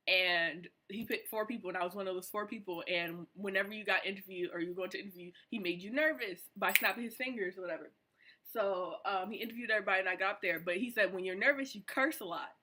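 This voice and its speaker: Young woman, bright tense voice, slangy, animated storytime vlog. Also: mid-range voice. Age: young adult. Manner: animated, slangy, excited retelling. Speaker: vlogger.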